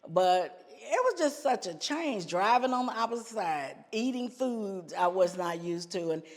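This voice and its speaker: Speaking unhurriedly with lively intonation at medium pitch, this woman from the United States recounts her life as a gospel singer during a relaxed podcast interview. She repeats phrases for emphasis, and the audio carries a long reverb tail.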